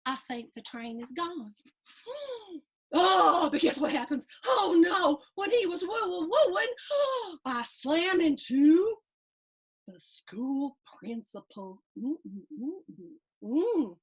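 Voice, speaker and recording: A woman leads a children's storytime over a video stream, reading a picture book aloud and filling it with questions and sound effects. Her voice is high and slow, swinging widely in pitch.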